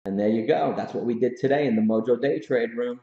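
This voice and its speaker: A man's voice: mid-range voice, fast, mellow. A man hosting a casual livestream from his home office, hyped and slangy, often laughing. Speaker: host. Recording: roomy, slightly dull room sound.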